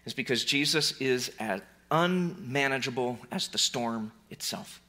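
Bright-voiced, conversational male preacher. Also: mid-range voice, lively intonation, unhurried. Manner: conversational, emphatic, repeats key lines. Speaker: pastor. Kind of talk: sermon. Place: church before a congregation.

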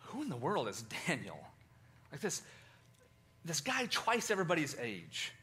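A man telling a Bible story in first person with theatrical, animated delivery, addressing listeners directly. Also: on the high side, moderate pace, a little hiss or hum.

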